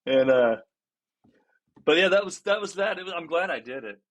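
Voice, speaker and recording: A man with a slightly high voice and moderate pace appears as a guest musician on a podcast. Chatting casually, he tells stories lively, laughing frequently, restarting his sentences and acting out what others said.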